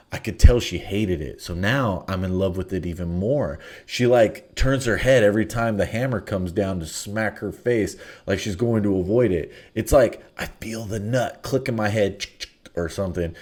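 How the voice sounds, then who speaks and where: A man telling a crude comedic story in a blunt, offhand way, with bored asides. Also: on the low side.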